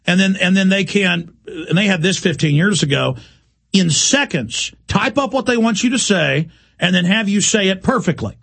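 A man's voice: high-pitched, animated, normal speed, vocal fry, fairly bright tone, husky. A man hosting a talk show, delivering an urgent, impassioned monologue.

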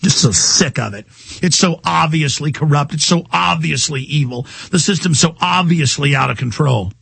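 A male talk radio host in an angry political rant, furious and ranting, at times breaking into shouts. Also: a little high, moderate pace, vocal fry, breathy edge, no room sound.

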